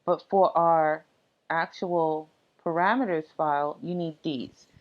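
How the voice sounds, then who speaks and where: Low-voiced woman walking through a tutorial. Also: dull audio. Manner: relaxed, many ums and uhs, talks through steps. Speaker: tech tutorial presenter. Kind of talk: casual screen-recorded tutorial narration.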